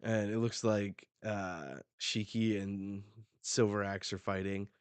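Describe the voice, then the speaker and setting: A man's voice: fairly low pitch, level tone, slow pace, smooth, dry recording. A man hosting a live reaction, casually reading a comic aloud, narrating the panels and laughing often. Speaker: manga reaction host.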